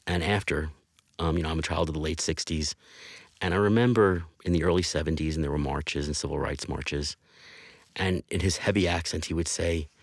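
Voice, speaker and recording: Man, 50s, deep, dry studio sound, earnest interview guest. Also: husky, no room sound. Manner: earnest, emphatic storytelling. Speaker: TV news executive producer. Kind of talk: podcast interview.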